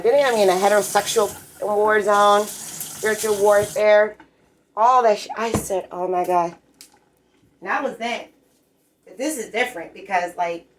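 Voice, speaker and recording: A woman's voice: medium pitch, slight background noise, low-quality recording. A woman in a rambling, agitated and profane casual vlog rant, talking at home in her apartment while cooking.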